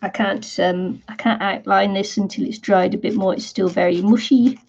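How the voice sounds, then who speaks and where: A woman's voice: medium pitch, fairly even intonation, moderate pace, vocal fry, a little mellow, lo-fi sound. A British woman chatting casually while crafting, rambling and laughing often at her own stories. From Britain. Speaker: craft vlogger.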